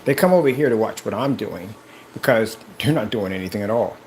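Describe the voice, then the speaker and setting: An animated man pitching his product on camera, his pitch leaping up and down as he lectures viewers. He sounds like a preachy home-video salesman, with a faint hum of room noise behind him. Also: brisk, rough recording. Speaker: product seller and presenter. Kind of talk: excited product demo vlog. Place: indoor room with projector and screen.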